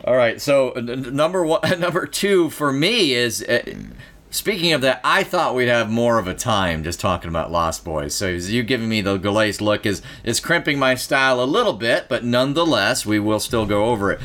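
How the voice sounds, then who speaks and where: A man's voice: medium pitch, animated, moderate pace, a bit bright. A man hosting a casual chat, talking in a rambling way with many fillers. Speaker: podcast host.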